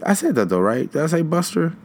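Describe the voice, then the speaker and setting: A man's voice: on the high side, very animated, quick pace, a little mellow, a little hiss or hum. A young man chatting casually in a rambling, slangy way, trailing off and restarting his thoughts. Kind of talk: casual chat.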